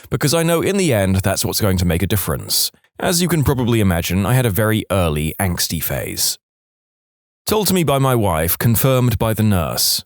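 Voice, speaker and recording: A man narrating submitted stories aloud for a podcast, with an expressive delivery. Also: on the low side, dry recording, clean studio sound. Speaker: story narrator.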